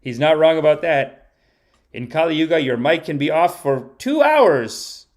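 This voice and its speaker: A man's voice: fairly high pitch, expressive, a little slow. Playful rambling male podcast host. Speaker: podcast host and stand-up comedian. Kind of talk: casual livestream chat.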